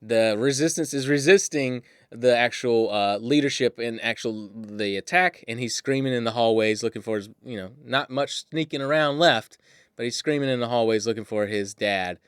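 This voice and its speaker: A man co-hosting a podcast, casually and excitedly retelling a movie's plot. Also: medium pitch, normal speed, clean tone, no echo, clean studio sound. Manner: animated storyteller, swears, acts out lines. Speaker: podcast co-host. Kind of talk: casual movie-recap chat.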